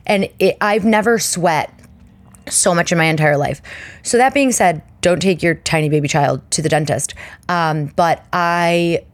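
Woman podcast host rambling thru a story, kinda low voice, acts out everybody, super dry mic. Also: a little slow, no room sound. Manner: chatty and animated, acts out quoted voices. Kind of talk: casual storytelling monologue.

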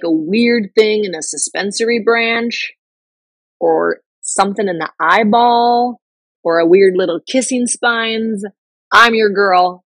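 A woman's voice: mid-range voice, dry recording, poor audio. Chatty, candid woman talking in a dry room. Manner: candid, chatty, many fillers and restarts. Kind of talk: casual personal talk.

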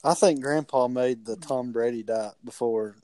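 A man's voice: mid-range voice, normal speed, dark tone, dry recording. A young man, telling rambling family stories in casual chat. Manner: rambling, easygoing storyteller.

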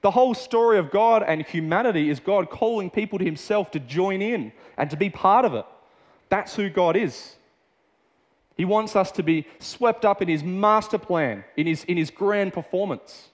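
Young Australian man, chatty preacher with a slightly high voice; long reverb from the hall. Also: moderate pace. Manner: casual and chatty, with many fillers and restarts. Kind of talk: sermon.

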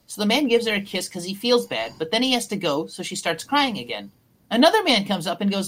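A woman telling crude jokes in a casual, deadpan storytelling way. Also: medium pitch, brisk. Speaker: guest.

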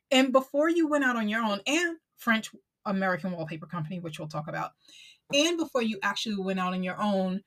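Woman with a New York accent, podcast host, enthusiastic, chatty. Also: medium pitch. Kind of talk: podcast interview.

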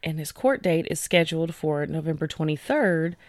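A woman's voice: low-pitched, lively intonation, moderate pace, dry recording, clean studio sound. A woman co-hosting a casual true-crime podcast, relaying news stories from her notes with frequent fillers. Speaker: podcast co-host.

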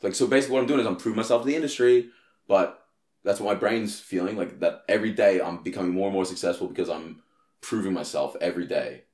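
Casual male talker, low voice, profane and animated, roomy echo. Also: quick pace. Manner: heavy swearing, animated storytelling. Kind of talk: casual chat.

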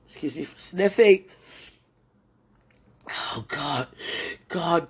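A woman with a high voice pours out a tearful prayer, pleading with God, her words slow and drawn out. Her voice cracks with crying and now and then sinks to a breathy whisper. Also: animated, a little hiss or hum. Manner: pleading, talking to God aloud. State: tearful, voice breaking. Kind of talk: emotional spoken prayer.

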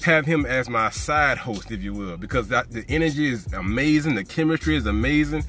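A man's voice: medium pitch, lively intonation, brisk, a bit bright, faint music behind. A man hosting a motivational podcast, preachy and fired up, repeating phrases for emphasis. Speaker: podcast host.

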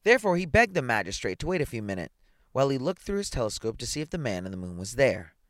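Expressive man reading a children's story. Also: medium pitch, fast, no room sound, clean studio sound. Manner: playful, expressive, chatty asides. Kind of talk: children's story read aloud.

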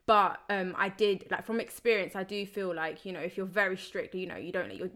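A woman's voice: medium pitch, fairly quick. A woman in casual chat, telling stories and acting out what people said. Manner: animated storyteller, acts out quoted dialogue.

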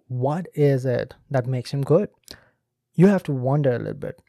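Speaking directly to listeners, this Indian podcast host and speaking coach explains a video clip like a teacher. He has a mid-range voice with a dark tone, captured in clean studio sound without echo.

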